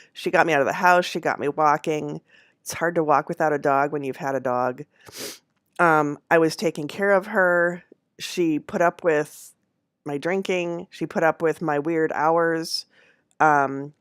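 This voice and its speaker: A woman with a low voice tells a personal story casually to her viewers. She rambles, corrects herself and laughs often. The sound is close and dry. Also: no room sound. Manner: rambling, with fillers and self-corrections. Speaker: handknitter.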